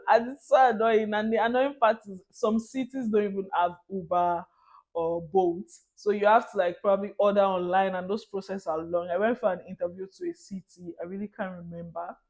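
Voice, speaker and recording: Young Nigerian woman vlogger, Nigerian accent, chatty and expressive, laughs a lot, drops into Pidgin phrases. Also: medium pitch. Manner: animated, laughs often, mixes in Nigerian Pidgin. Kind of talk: casual storytelling monologue.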